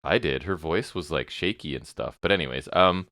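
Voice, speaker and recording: A man's voice: extremely low pitch, sharp tone, no room sound, clean studio sound. A man co-hosting a wrestling podcast, giving opinionated, sarcastic takes in casual chat. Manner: opinionated, sarcastic, quick asides. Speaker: podcast co-host.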